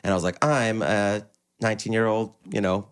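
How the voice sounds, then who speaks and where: Deep-voiced man, relaxed guest. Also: moderate pace, smooth. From United States. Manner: relaxed, rambling with restarts. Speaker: podcast guest. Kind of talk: casual interview chat.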